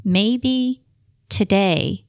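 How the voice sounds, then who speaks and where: An older woman, an author and grandmother, talking as a guest on a podcast, warm and emotional, with lots of quoted asides. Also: medium pitch, drawn-out words, no room sound, studio quality. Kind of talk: casual podcast interview.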